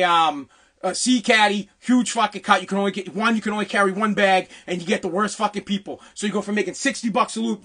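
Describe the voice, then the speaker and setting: A man hosting a podcast, ranting angrily and profanely, breaking into shouts. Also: sits high, slightly rough. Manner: heated, profane, bursts into shouting. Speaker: podcast host. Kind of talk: angry political rant.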